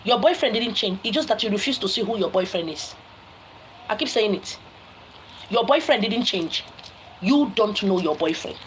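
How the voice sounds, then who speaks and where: A woman's voice: medium pitch, expressive, normal speed, pauses often, a little hiss or hum, low-quality recording. A woman giving relationship advice in a scolding, emphatic lecture full of rhetorical questions. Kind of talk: preachy lecture to listeners.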